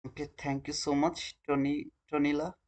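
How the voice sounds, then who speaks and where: A man's voice: a little high, little pitch movement, moderate pace, a little mellow. Earnest man hosting a trading live stream. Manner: earnest, informal, talks straight to viewers.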